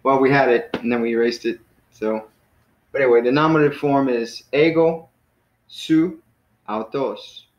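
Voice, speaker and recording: A man teaching a class in a relaxed, casual way, with many fillers and self-corrections. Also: medium pitch, normal speed. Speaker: Greek teacher. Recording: roomy, dull lo-fi classroom recording.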